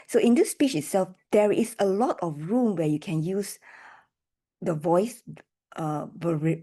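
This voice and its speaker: A woman's voice: on the low side, dark tone. A woman on a video call evaluating a speech's delivery, coaching with encouraging checks like "right?" and "okay?". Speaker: delivery evaluator at a speaking club meeting.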